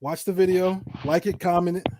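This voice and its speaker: A man's voice: high voice, flat delivery, a little fast, mellow, no room sound. A man hosting a casual wrestling chat show, joking and laughing between announcements. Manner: joking, laughs often, runs giveaway announcements. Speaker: podcast host.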